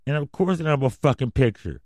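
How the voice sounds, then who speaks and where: A man's voice: medium pitch, expressive, brisk, a little mellow, dry recording. Profane rambling man reading the news. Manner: profane, rambling, reads headlines then rants. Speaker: podcast host. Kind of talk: casual news commentary podcast.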